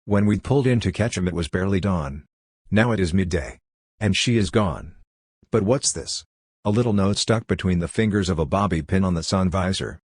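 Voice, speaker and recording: A man's voice: low-pitched, darkish tone, no echo. A man giving a wry, matter-of-fact first-person audiobook narration into a close mic.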